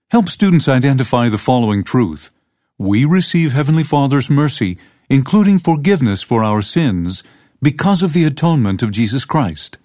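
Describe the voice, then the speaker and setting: A man calmly reading scripted instructions for teachers in a clear, even voice. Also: mid-range voice, dry recording, clean studio sound. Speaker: teacher manual narrator.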